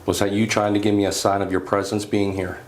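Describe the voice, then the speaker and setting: A man's voice: on the low side, level tone, quick pace, a little hiss or hum. A man on a paranormal investigation, talking with his team and calling out questions to spirits inside an old house. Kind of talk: ghost hunt chatter.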